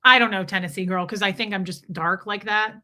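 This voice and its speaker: A middle-aged woman streaming live, chatting to her viewers and telling a story with deadpan, animated quotes. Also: mid-range voice, a little fast. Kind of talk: casual storytelling to a live chat.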